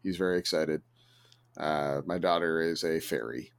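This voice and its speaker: A man's voice: very deep voice, fairly even intonation, normal speed, clear, resonant tone. A man in his thirties chatting casually on a podcast, telling a story in a dry, wry way. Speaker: podcast co-host. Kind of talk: casual chat.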